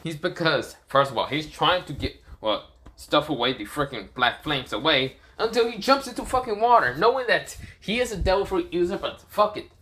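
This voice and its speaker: A man's voice: a little high, expressive, normal speed, bright, forceful tone. A young man casually narrating a fan story, rambling with swearing and frequent restarts.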